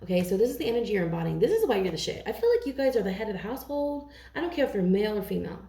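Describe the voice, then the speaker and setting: Gravelly-voiced woman tarot reader, casual. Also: mid-range voice, sing-song, very fast, warm tone, roomy sound. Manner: chatty, intuitive, frequent "okay?" check-ins. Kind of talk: casual tarot reading to camera.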